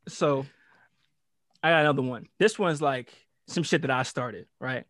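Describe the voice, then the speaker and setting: A young American man casually telling a wild story, animated and full of profane slang. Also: mid-range voice, measured pace, dry recording, studio quality. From United States. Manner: animated, profane street slang, acts out quotes.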